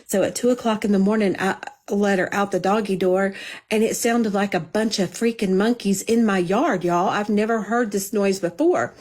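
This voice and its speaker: Middle-aged woman, casual live streamer, chatty storyteller, mid-pitched voice, phone mic. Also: normal speed, darkish tone. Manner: chatty storyteller, addresses viewers as y'all.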